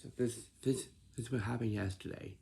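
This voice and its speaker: A man's voice: medium pitch, fairly even intonation, fairly quick, gravelly, mellow, husky. A man telling a casual, rambling story, often stopping to repeat and correct himself.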